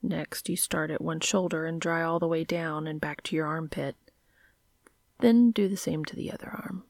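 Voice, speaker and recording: A woman voicing a gentle, teasing young man in a story she reads aloud, speaking in a soft, hushed way. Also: sits low, steady tone, moderate pace, vocal fry, no room sound, clean studio sound.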